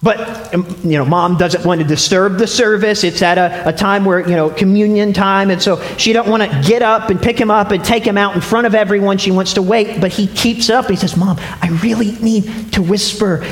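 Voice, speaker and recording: Pastor, male, higher voice, storytelling sermon, roomy church with a long reverb. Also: steady tone, a little fast, hardly any pauses. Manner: storytelling with frequent restarts. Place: church sanctuary. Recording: echoey hall with long reverb.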